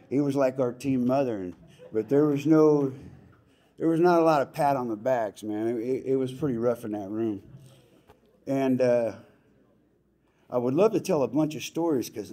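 A man's voice: medium pitch, moderate pace, mellow. Plainspoken man giving a heartfelt speech. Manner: plainspoken and folksy, with casual slang. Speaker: hall of fame inductee giving acceptance speech. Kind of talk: emotional acceptance speech. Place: banquet hall ceremony.

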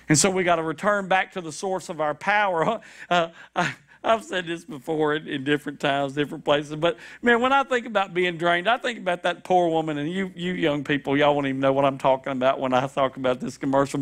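A man preaching a sermon, animated and repetitive, with shouted high-pitched acted quotes, in a church. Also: a little fast, hardly any pauses. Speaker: pastor. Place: church sanctuary.

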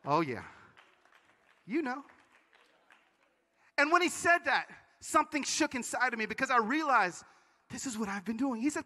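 A man's voice: sits high, expressive, a little fast, bright, forceful tone. A man giving a sermon-style conference talk, telling stories energetically with playful asides, in a large hall. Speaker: conference speaker. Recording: long reverb of a large hall.

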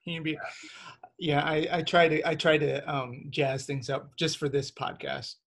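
A man's voice: a little high, flat delivery, unhurried, gravelly, fairly bright tone. A man with a Midwestern accent co-hosting a casual podcast, speaking hesitantly, repeating words, with dry humor. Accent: Midwestern American. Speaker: podcast co-host. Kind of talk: casual chat over drinks.

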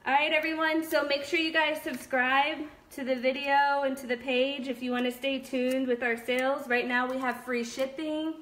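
A woman's voice: high voice, little pitch movement, moderate pace, hardly any pauses, fairly bright tone. A young woman hosting a casual live stream, reading viewer comments aloud with many fillers. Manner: chatty, upbeat, many fillers. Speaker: live-stream host of a nail product shop.

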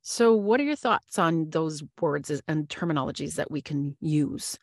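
A woman's voice: sits low, lively intonation, normal speed, no echo, studio quality. A woman hosting a podcast who asks long, earnest questions and searches for her words with many fillers. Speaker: podcast host. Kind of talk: podcast interview.

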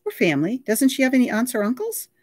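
A woman's voice: a little high, huge pitch swings, fast talker, a little mellow, no echo, clean studio sound, voice pushed up. A woman reading aloud, voicing a worried, skeptical mother questioning her son on the phone. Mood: probing. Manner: skeptical, probing.

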